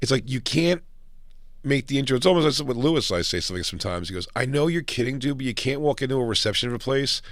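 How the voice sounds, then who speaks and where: A man's voice: medium pitch, animated, quick pace, a bit bright, no room sound, studio quality. A man, a comedian and podcast co-host, chatting casually, laughing often and talking in loose restarts. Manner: laid-back, chuckling, talks in loose restarts. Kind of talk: casual chat.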